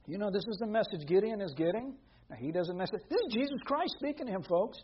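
A man preaching a sermon in a conversational way, with rhetorical questions, dropping to a hush and then rising to emphatic points. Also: high-pitched, lively intonation, fast, hardly any pauses, dull audio, slight background noise.

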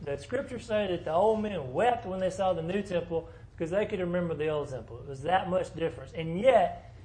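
A man's voice: sits high, lively intonation, fairly quick, warm tone. A man teaching a small Bible class in a conversational way, asking the group questions as he explains the passage.

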